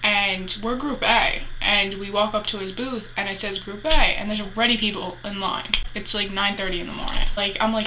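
A woman's voice: mid-range voice, fairly even intonation, normal speed, hardly any pauses, background noise. A young adult woman chatting casually as a vlogger, retelling a story with lots of 'like' fillers.

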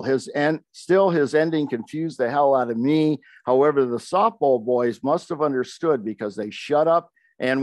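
A man's voice: medium pitch, dry recording. An older man, a poet, reading aloud from his memoir with wry, conversational asides.

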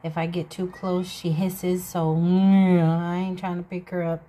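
Outdoors in her backyard, a woman talks gently to a cat in labor and casually addresses her vlog audience, her lowish voice mellow, flat and a little slow. Meowing cats can be heard, and the recording is rough.

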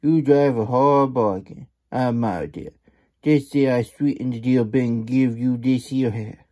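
A man voicing a fast-talking, smooth-tongued male coyote courier in a storybook reading, with wheedling, salesman-like folksy patter. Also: mid-range voice, warm tone, natural voice. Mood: persuasive.

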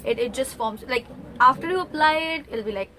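An excitable young woman talks eagerly through a beauty haul. Her voice sits high and sounds bright and crisp, and she hurries along in a chatty way. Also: brisk, a little hiss or hum. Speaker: beauty vlogger. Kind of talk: product haul review. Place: at home, near a bookcase.

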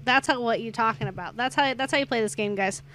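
A woman's voice: on the high side, fast talker, fairly bright tone, a little hiss or hum. A young adult woman streamer chatting casually while gaming, rambling through a story and getting sidetracked by the game.

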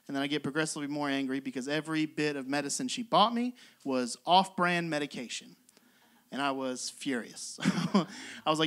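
A man's voice: on the high side, animated, moderate pace, fairly bright tone. A young man doing a stand-up comedy set on a club stage, telling exasperated, self-mocking stories and laughing often.

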